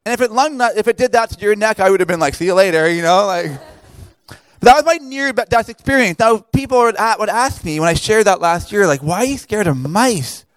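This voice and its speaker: A man speaking at a camp, telling a funny story in a lively way with many fillers and laughs before turning it into a sermon. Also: high voice, a little fast, smooth, dry recording. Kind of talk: humorous sermon to campers.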